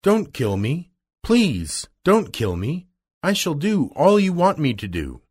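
Man voicing a small-voiced old humbug wizard, timid and pleading, slow and breathy. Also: a little high, huge pitch swings, pitched above the performer's own voice, full character voice. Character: frightened little old male humbug wizard.

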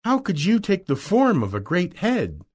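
Man doing a curious young girl, much higher voice, breathy, slow. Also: wildly swooping pitch, exaggerated voice. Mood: questioning.

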